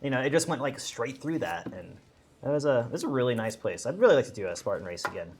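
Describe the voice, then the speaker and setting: A man's voice: mid-range voice, big pitch swings, quick pace, a little mellow, faint music behind. A man co-hosting a stream, chatting casually and rambling with lots of fillers and restarts. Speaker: stream co-host. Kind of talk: casual chat on a charity stream.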